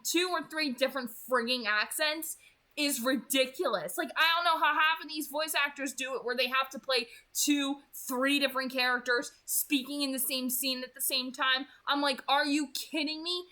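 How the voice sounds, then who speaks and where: This is a young woman in her twenties hosting a read-aloud channel, chatting through her thoughts on the chapter she just finished. Her voice is bright and forward, sitting a little high, and she talks in a loose, gushing way, leaning on "like" and "you know" as she goes. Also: fairly even intonation, moderate pace. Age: 20s. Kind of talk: casual chapter recap and commentary.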